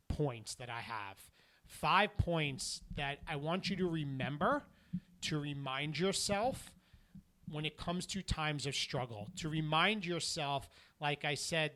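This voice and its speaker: A middle-aged man giving a motivational podcast talk, earnest and emphatic, going quieter as he tells personal stories. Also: on the high side. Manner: earnest and emphatic, drops softer when telling stories. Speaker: motivational keynote speaker.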